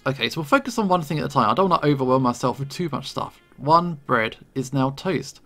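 A man giving casual gameplay commentary, relaxed and thinking aloud as he plays. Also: medium pitch, fast, soft background music. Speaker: gaming video creator.

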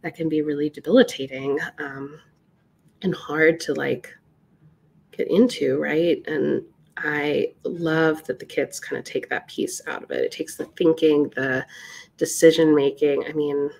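A woman's voice: low-pitched, lively intonation, measured pace, creaky, darkish tone. A woman teaching a live watercolor class, chatty and upbeat, with lots of fillers. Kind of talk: live painting tutorial.

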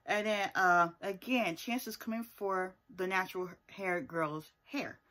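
A woman's voice: medium pitch, unhurried, pushed and bright. A woman giving a casual, sassy recap of a reality TV episode, driving her points home with emphatic asides. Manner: sassy and emphatic, often tags points with "okay?". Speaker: TV show reviewer.

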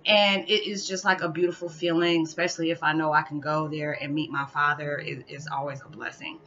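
A woman's voice: deep voice, little pitch movement, brisk, a bit bright, highs cut off, faint music behind. A woman vlogger telling a spiritual story in a chatty, rambling way, often restarting and laughing. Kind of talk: casual storytelling monologue.

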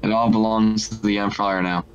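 A man's voice: fairly low pitch, little pitch movement, moderate pace, clean tone, dull audio. A man playing in a tabletop game, with dry, teasing banter. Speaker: player.

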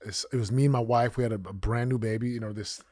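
This forties-aged ex-football champion speaks fast at a medium pitch, recounting his life openly in an interview. He tells it vividly, performing the quoted lines. The sound is studio quality and dry.

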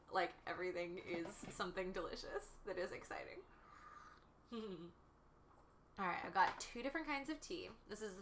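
A woman's voice: on the low side, bright, forceful tone. A woman in her thirties hosting a casual livestream from her kitchen, chatty and bubbly, laughing often as she answers viewers. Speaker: livestream host and tea shop owner. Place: home farmhouse kitchen.

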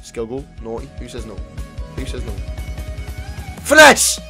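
A young man commentating his own football video game, swinging between excited shouts and low mutters, swearing freely. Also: a little fast, faint music behind. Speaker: gaming YouTuber. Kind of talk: live gameplay commentary.

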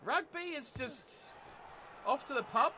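Excitable high-voiced New Zealand gamer. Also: male voice, slow pace, heavy background noise. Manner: excitable, yells at the game. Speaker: gaming YouTuber. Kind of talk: live gameplay commentary.

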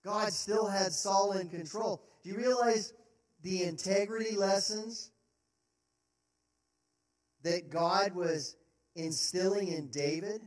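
A man's voice: sits high, slow, long pauses. A man preaching a sermon as pastor, earnest and emphatic, posing rhetorical questions in a church sanctuary. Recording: roomy sound from a distant mic.

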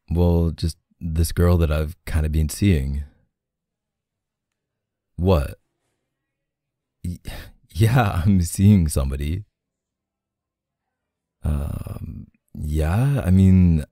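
A young man playing a teasing, apologetic boyfriend in a soft-spoken role-play, laughing often. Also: low-pitched, vocal fry, no room sound, studio quality.

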